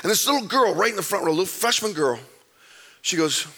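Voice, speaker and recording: A man preaching a sermon, telling a story with animated swings between loud outbursts and hushed drops. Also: high voice, brisk. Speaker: pastor. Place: church stage.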